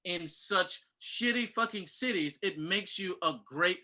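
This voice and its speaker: A man with a high, very bright, sharp voice trades in sarcasm during casual comedic banter. His jabs are profane and deadpan. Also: measured pace. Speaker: comedian panelist.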